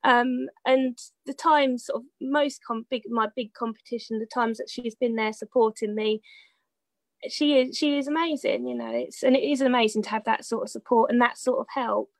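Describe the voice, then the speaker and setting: A woman's voice: on the high side, normal speed, no room sound. A woman, telling stories in a casual interview as a guest, with many fillers and frequent laughter. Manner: chatty storyteller with fillers, laughs often. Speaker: guest, horse rider. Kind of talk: casual anecdotal chat.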